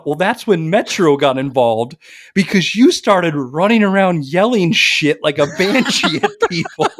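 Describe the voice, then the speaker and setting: Animated man telling a rowdy story. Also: sits high, no room sound, studio quality. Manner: animated, profane, acts out quotes. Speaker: podcast co-host. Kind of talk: casual storytelling chat.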